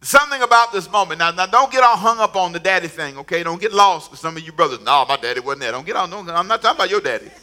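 Bright-voiced preacher man, high and forceful. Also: expressive, fast, hardly any pauses. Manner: call-and-response, urging the congregation to repeat lines; storytelling with humor, laughing at his own jokes. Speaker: pastor. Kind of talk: sermon.

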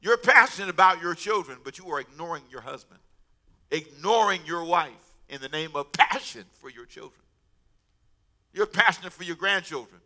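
Bright, animated male preacher. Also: sits high, moderate pace. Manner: animated, humorous preaching with asides and laughter. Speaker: pastor. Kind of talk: sermon.

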